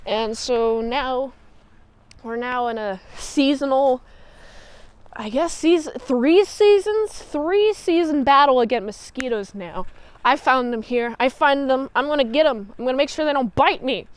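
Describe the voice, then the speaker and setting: A woman reviewer talks through an episode recap in a high, light voice. She rambles and jokes as she goes. Her energy is animated and playful. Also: unhurried, clear, resonant tone. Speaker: show reviewer.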